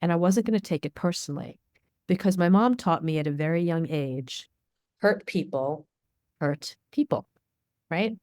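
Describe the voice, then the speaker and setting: A woman's voice: on the low side, brisk, a little mellow, no room sound, clean studio sound. A middle-aged woman, a media expert guest, answering interview questions in a candid, storytelling way. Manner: candid, storytelling, acts out dialogue.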